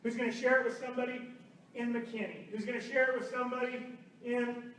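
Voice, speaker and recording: A man from Oklahoma telling lively stories as a speaker at a business meeting, speaking to a live room and acting out quotes. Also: extremely high pitch, fairly quick, a little hiss or hum. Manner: animated storytelling with acted quotes. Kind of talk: motivational talk to a live room. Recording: roomy far-off hall recording.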